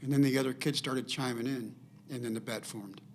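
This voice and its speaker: A man's voice: medium pitch, fairly even intonation, brisk, a little hiss or hum. An older man, a podcast guest telling a personal story and acting out the dialogue in it.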